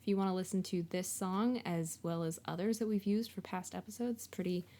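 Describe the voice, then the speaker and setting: A woman's voice: medium pitch, fairly even intonation, mellow. Bubbly female podcast co-host. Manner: bubbly, playful, quick to laugh. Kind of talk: casual chat.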